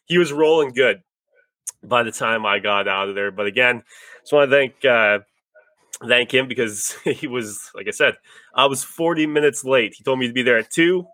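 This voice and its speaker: Bright, dry-sounding man. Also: mid-range voice, moderate pace, no echo. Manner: rambling, swears freely, laughs often. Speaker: podcast host. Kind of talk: casual chat.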